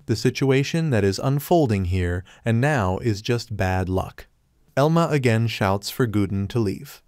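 A man's voice: lowish voice, animated, measured pace, a little mellow, smooth, no room sound. Man narrating a story recap, dry.

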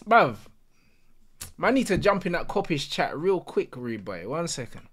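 A young man, reacting live to a football match as a streamer, excitable and full of slang. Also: fairly high pitch, unhurried, slightly rough. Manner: excitable, slangy, repeating exclamations. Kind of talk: live watch-along reaction.

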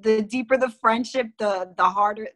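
Bright, chatty woman comedian on a call. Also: on the high side, moderate pace, soft background music. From Cleveland, USA. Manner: chatty, giggly storyteller. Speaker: guest comedian. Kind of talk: casual chat. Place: home. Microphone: video call.

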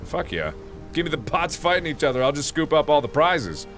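A man streaming a game live, joking and yelling at enemies, then dropping to low mutters. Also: brisk, faint music behind. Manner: excitable, jokey, yells at enemies then mutters.

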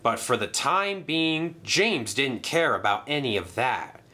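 A man narrating a children's train story in a lively storybook style. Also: mid-range voice, unhurried.

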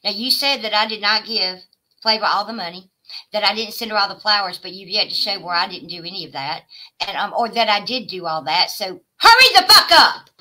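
Woman, intensely bright cutting tone, livestream host, profane taunting rant, shouts then mutters. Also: mid-range voice, a little fast, low-quality recording. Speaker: live streamer.

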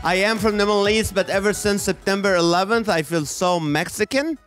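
A man from Israel doing a stand-up comedy routine, animated and quick with quoted voices. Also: sits high, faint music behind.

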